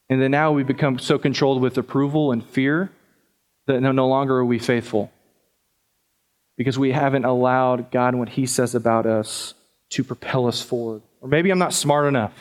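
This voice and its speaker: A man's voice: medium pitch, steady tone, moderate pace. A man preaching a sermon as pastor, talking conversationally to the congregation and often repeating words.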